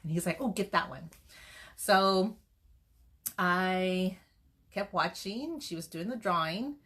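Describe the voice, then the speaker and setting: Earnest woman giving a pep talk, lowish voice. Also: takes it slowly. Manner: lively storytelling, acting out quoted voices; earnest, faith-driven encouragement. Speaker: direct-sales team leader.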